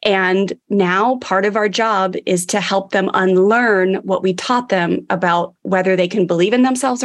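Woman host, parenting podcast, mid-pitched, conversational, reassuring and upbeat. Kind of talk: casual parenting podcast chat.

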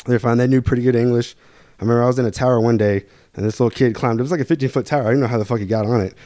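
A man's voice: medium pitch, fairly even intonation, rapid-fire, warm tone, dry recording. A young man from Louisville, Kentucky, telling rambling, profane stories as a podcast guest. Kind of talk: casual storytelling.

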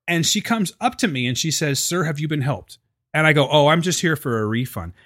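Profane, animated man telling a story. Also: fairly high pitch, a little fast, no echo, studio quality. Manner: profane, animated, acts out quotes. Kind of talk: casual storytelling chat.

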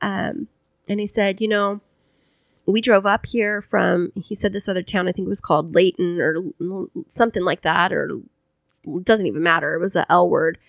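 Woman, casual podcast co-host, animated storyteller, dry room. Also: on the low side, moderate pace, creaky, no room sound. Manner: chatty, animated storyteller who acts out voices.

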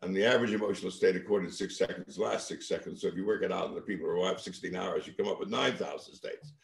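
An older man tells his stories with energy. His voice is low and rough with fry. He often restarts sentences and checks in with the listener, and the room around him echoes. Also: quick pace. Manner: energetic anecdotes with many restarts and tag questions. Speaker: interview guest, venture capitalist. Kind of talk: storytelling in conversation.

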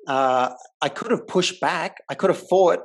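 A man's voice: a little high, a little slow, slightly rough. A man hosting a podcast, telling a story in a casual way and acting out the voices of the people in it. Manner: animated storyteller, acts out quoted voices. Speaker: podcast host.

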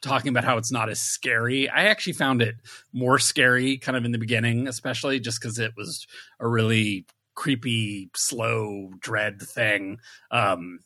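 Bright-voiced, easygoing male co-host. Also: medium pitch, fairly even intonation, moderate pace. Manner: easygoing, hesitant, many fillers. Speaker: podcast co-host. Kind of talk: casual chat reviewing TV.

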